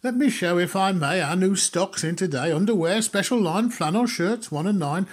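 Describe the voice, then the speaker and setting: A man voicing a pushy, chatty male shopkeeper who rattles off rapid lists of goods in a music hall comic patter. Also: sits high, expressive, slightly rough, voice pushed up.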